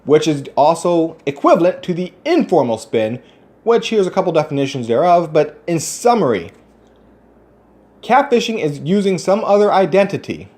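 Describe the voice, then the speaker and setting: A man's voice: mid-range voice, darkish tone. A man hosting his own channel, giving brash, sarcastic commentary with plenty of swearing and big swings in delivery. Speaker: channel host. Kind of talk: casual commentary vlog.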